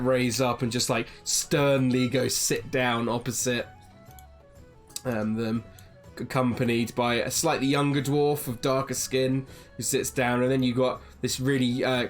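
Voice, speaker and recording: A man running a tabletop game as game master, narrating casually with lots of ums. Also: mid-range voice. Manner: casual, rambling with many ums.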